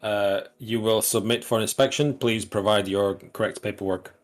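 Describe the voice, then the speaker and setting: A man's voice: lowish voice, fairly even intonation, moderate pace, faint music behind, lightly acted. A man voicing a stern, officious woman port inspector in a tabletop game, giving clipped formal commands. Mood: commanding.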